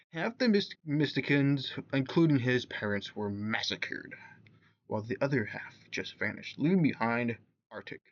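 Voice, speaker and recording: A man's voice: medium pitch, muffled recording. A man reviewing characters in casual commentary, reading text aloud and stumbling over words, full of fillers and restarts. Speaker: YouTube reviewer.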